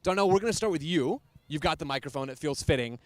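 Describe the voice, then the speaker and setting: A man's voice: on the high side, lively intonation, quick pace, no room sound. A man hosting a live club podcast, upbeat and joking as he introduces his guests. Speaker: podcast host.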